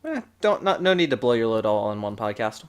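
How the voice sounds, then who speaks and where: A man's voice: fairly low pitch, lively intonation, fast, clean tone. A man co-hosting a casual podcast who answers his partner with dry, exasperated remarks. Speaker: podcast co-host.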